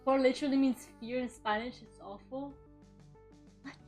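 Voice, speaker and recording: Young woman, high voice, chatty art streamer, faint music underneath. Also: steady tone, moderate pace, darkish tone. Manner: chatty, playful, mutters while working, sudden dramatic shrieks. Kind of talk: casual live-stream chat while drawing.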